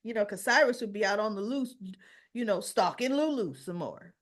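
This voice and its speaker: A woman's voice: mid-range voice, lively intonation, moderate pace. A woman retelling a soap opera episode in a chatty, casual way, often adding "you know" and "right?".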